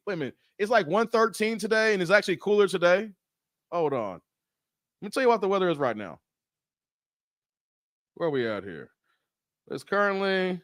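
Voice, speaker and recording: Man, live stream host, casual banter, frequent laughter, high-ish voice, dry close sound. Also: fairly bright tone, no echo. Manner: laughs often, loose joking banter with chat. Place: Las Vegas.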